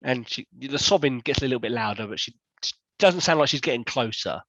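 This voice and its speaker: A man's voice: medium pitch, expressive, fairly quick, fairly bright tone, dry recording. Man, game master, tabletop game narration, rambling, self-correcting, muffled, dry.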